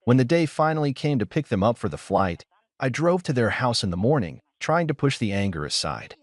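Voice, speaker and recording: A man narrating a first-person story in a steady, measured way. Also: mid-range voice, dry recording.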